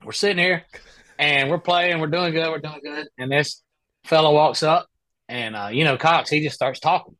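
A man's voice: a little high, moderate pace, dry recording. A man, a professional golfer telling casual stories as a podcast guest and acting out the people in them. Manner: animated storyteller, voices other people in his anecdotes. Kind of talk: casual storytelling.

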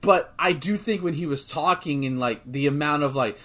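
A man co-hosting a podcast in casual chat, excitable, swearing freely and restarting his sentences often. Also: fairly high pitch, normal speed. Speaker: podcast co-host.

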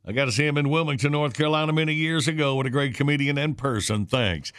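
A man's voice: fairly high pitch, fast talker, a bit bright. A man hosting a morning radio show, folksy and casual in his slang.

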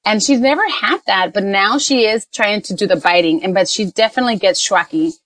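A woman's voice: medium pitch, a little fast, a bit bright, no echo. A woman on a mom podcast, telling a family story in casual chat and slipping into Spanish phrases. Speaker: podcast co-host, mother.

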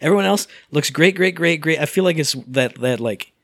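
A man's voice: a little high, animated, brisk, fairly bright tone, no echo, studio quality. A middle-aged man co-hosting a casual gaming podcast, rambling and self-amused, often restarting his sentences. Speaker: podcast co-host.

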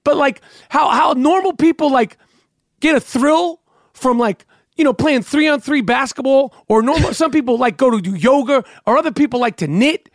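A man with a strikingly high voice rants in casual podcast banter, cursing and sounding incredulous. The sound is very dry and close, with no room in it. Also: normal speed, dry recording. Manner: profane, incredulous ranting. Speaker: podcast co-host. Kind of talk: casual comedic rant.

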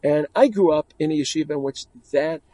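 A man's voice: a little high, brisk, dark tone, low-quality recording. A man, a rabbi, giving an earnest, reflective talk to yeshiva students with stories.

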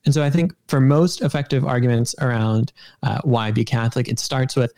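A man's voice: mid-range voice, steady tone, fairly quick, few pauses, darkish tone. A man who is a podcast guest, laying out his reasoning carefully in a casual conversation. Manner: thoughtful, reasoned explanations with "kind of" hedges.

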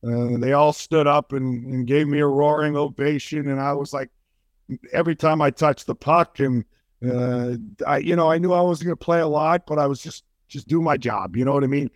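An older man, a former hockey player, telling a story in an interview, animated and full of restarts. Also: fairly high pitch, moderate pace, dry recording.

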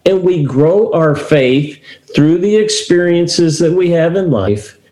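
A man telling a Bible story in an easy, conversational way, reading verses and then unpacking them. His voice sits a little high for a man. The room around him adds a noticeable echo. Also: lively intonation, takes it slowly, mellow. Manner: storytelling, reads scripture aloud and paraphrases it. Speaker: co-host of a faith talk show. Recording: roomy echo.

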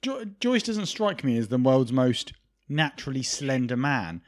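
A man's voice: mid-range voice, very animated, a little slow. A man co-hosting a casual podcast, jokey and a little hesitant as he thinks aloud. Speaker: podcast co-host. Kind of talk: casual chat.

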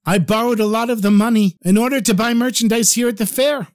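A man voicing a panicking merchant who has just been robbed, shouting in despair. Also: very high-pitched, fairly even intonation, fast, voice pushed up. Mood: desperate. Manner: shouting, desperate.

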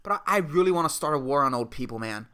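A man's voice: fairly high pitch, expressive, quick pace, pushed and bright, clean tone. A man in his twenties hosting a podcast, ranting in a profane, exasperated way with lots of fillers. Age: 20s. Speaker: podcast host. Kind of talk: solo comedic rant.

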